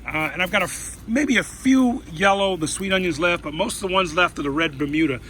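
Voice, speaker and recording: A man's voice: high-pitched, brisk, bright, forceful tone, slight background noise, rough recording. A middle-aged man hosting a home cooking show, talking in a chatty, folksy way with plenty of fillers and restarts. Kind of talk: casual cooking demonstration. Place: home garden, then a home kitchen.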